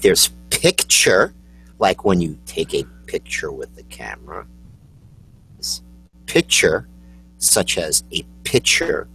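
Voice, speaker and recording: A man's voice: deep voice, a bit bright, breathy edge, low-quality recording. An American man hosting a podcast in casual chat, joking and rambling as he tells a story. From United States. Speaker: podcast host.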